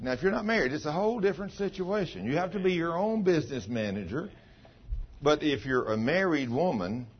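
A man preaching a chatty, folksy sermon and teasing members of the congregation by name. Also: mid-range voice. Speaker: pastor. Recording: dull sound with faint background noise.

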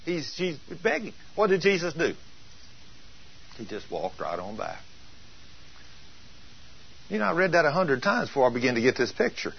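A man's voice: fairly high pitch, sing-song, moderate pace, creaky, pauses often, a little hiss or hum. A male preacher teaching a sermon emphatically, asking his listeners rhetorical questions. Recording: dull lo-fi taped teaching.

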